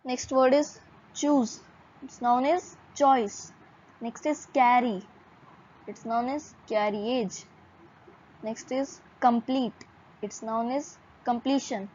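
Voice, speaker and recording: A woman teaching English vocabulary in a measured lesson, listing words one by one and spelling some out letter by letter. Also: on the high side, darkish tone, lo-fi sound, slight background noise.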